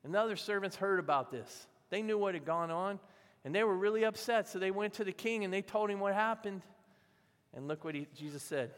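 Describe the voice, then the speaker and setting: A man's voice: a little high, a little fast. Pastor preaching in a reverberant hall, man. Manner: conversational storytelling, acting out voices in the parable. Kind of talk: sermon.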